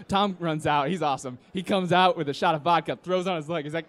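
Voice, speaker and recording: A fairly high-pitched young man in his twenties fires off a drunken story rapidly, barely pausing. Performing at a live comedy podcast, he rambles and impersonates his friends, drawing laughter from the live audience.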